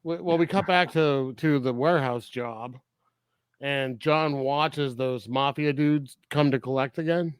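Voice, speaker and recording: A man's voice: mid-range voice, measured pace, clean tone, no room sound. A man co-hosting a film review podcast in casual chat, often laughing as he recaps scenes. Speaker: podcast co-host.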